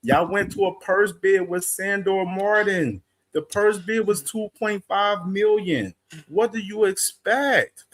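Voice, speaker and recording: Man co-host, slightly high voice, easygoing slang, repeats himself. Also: slow, a bit bright. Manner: laid-back, repetitive, casual slang. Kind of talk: live-stream commentary.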